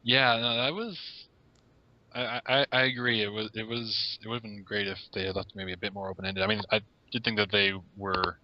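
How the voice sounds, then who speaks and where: A man who is a guest on a podcast, summing up a film in a measured way with many fillers. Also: fairly low pitch, flat delivery, slight background noise. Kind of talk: casual film discussion. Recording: dull lo-fi audio.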